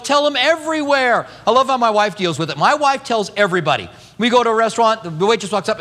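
A man pastor delivering a sermon to his church, animated and conversational, slipping into voices to act out biblical figures. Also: very high-pitched, quick pace, few pauses. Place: church sanctuary. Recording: long hall reverb.

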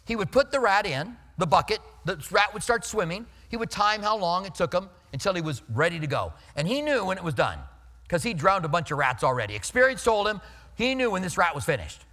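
A male pastor preaching a sermon in a conversational, storytelling way, emphatic, dropping his voice low for serious points. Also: sing-song, brisk, bright, forceful tone, big-room sound.

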